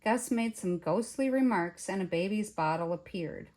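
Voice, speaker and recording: An older woman, a grandmother, reading a children's picture book aloud in an expressive way. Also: mid-range voice, normal speed. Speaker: storyteller.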